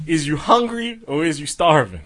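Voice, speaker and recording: A man with a bright, forceful voice that sits a little high, trading jokes in a loose podcast chat. He laughs through his lines as he tosses out mock questions. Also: very animated, moderate pace. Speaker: podcast co-host. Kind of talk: casual comedic chat.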